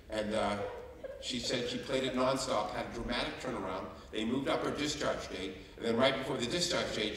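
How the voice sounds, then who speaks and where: A man giving a humorous storytelling talk as a youth care trainer, animated and jokey. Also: mid-range voice, slight background noise. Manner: animated, jokey, breaks into singing. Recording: echoey hall, mic from far off.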